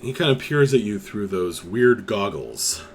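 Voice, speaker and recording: A man narrating as game master of a tabletop game, unhurried, with many pauses and restarts. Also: lowish voice, big pitch swings, slight background noise. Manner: unhurried, lots of fillers and restarts.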